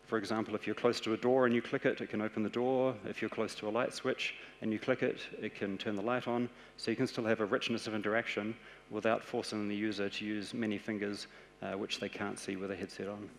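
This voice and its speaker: A man with a New Zealand accent giving a conference presentation, explaining ideas in a steady, practical way. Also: on the low side, quick pace. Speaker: conference speaker. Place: large conference hall. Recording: echoey conference hall.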